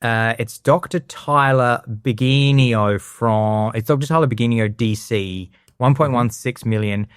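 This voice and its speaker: A man co-hosting a podcast chats casually and animatedly in a comedic way, often mimicking others in silly voices. His mid-range, resonant voice is clear and a little slow with hardly any pauses, on a dry, clean studio recording.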